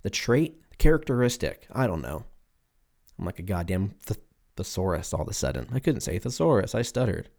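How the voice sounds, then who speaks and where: A man's voice: fairly low pitch, sing-song, brisk, creaky, a little mellow. A man in his twenties hosting a solo podcast, rambling and profane, mocking himself and laughing often as he talks into a mic at his computer. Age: 20s. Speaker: podcast host. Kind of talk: casual solo podcast rant.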